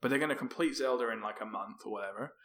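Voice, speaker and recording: A man's voice: mid-range voice, very fast, a bit bright. A man hosting a casual tech and gaming podcast, explaining gadgets and rambling through fillers. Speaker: podcast host. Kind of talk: casual chat.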